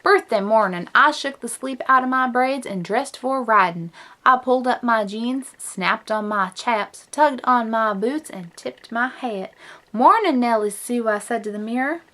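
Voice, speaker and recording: A woman's voice: a little high, unhurried, sharp tone. A woman voicing a horse-mad little cowgirl in a put-on Western twang, reading a picture book aloud. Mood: eager. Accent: put-on American Western twang. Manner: drawling, folksy storybook read-aloud.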